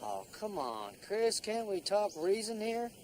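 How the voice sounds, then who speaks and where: A folksy, wheedling con artist. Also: male voice, high-pitched, very animated, a little slow, darkish tone, a little hiss or hum. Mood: pleading. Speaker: con man. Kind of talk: TV drama acting.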